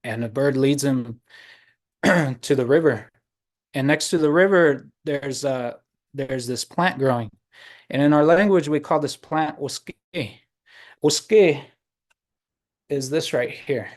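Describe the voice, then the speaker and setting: A man telling a traditional story to an online audience, unhurried, with many pauses and fillers. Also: medium pitch. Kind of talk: oral storytelling. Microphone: video call.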